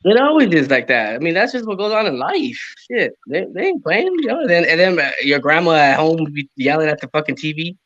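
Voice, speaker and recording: A man's voice: a little high, brisk, few pauses, no room sound. A man who is a comedian guest on a podcast, chatting casually and profanely, slipping into Spanish. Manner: profane, animated, slips into Spanish. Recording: dull, dry audio.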